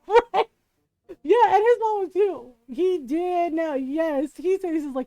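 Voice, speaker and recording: A woman's voice: very high-pitched, normal speed, no echo. A woman streamer casually telling a family story, acting out the people in it and laughing often. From Filipino family. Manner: animated anecdote with quoted voices and laughter.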